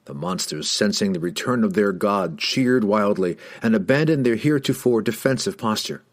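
A man narrating a fantasy novel as an audiobook, telling it with dramatic, expressive storytelling. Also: on the low side, moderate pace.

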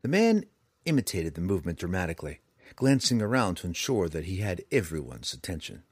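A man reading a fantasy novel aloud with dramatic, expressive narration. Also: sits low, fairly quick, husky, no echo, clean studio sound. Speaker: audiobook narrator.

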